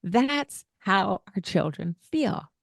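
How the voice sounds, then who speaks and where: A woman's voice: mid-range voice, very animated, slow, creaky, no echo, clean studio sound. A woman co-hosting a casual parenting podcast, talking in an earnest, coaching way with lots of fillers. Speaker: podcast co-host.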